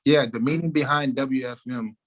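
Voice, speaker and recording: A man, a musician giving an interview, talking in a relaxed way with many fillers like "like" and "you know". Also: mid-range voice, normal speed, low-quality recording. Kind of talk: casual interview talk.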